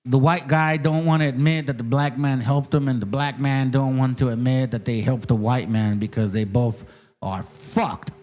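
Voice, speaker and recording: A man's voice: mid-range voice, fairly even intonation, normal speed, darkish tone. A man hosting his own channel, giving a heated, profane rant of commentary straight to his viewers. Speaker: channel host. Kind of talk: ranting commentary on a clip.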